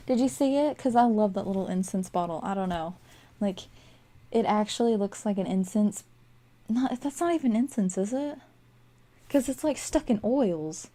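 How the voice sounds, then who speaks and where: A woman's voice: medium pitch, moderate pace, dark tone. A young woman rambling casually as she narrates a game build, sleepy and full of fillers and little laughs. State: sleepy, yawning. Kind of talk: casual voice-over commentary while building. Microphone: desk microphone.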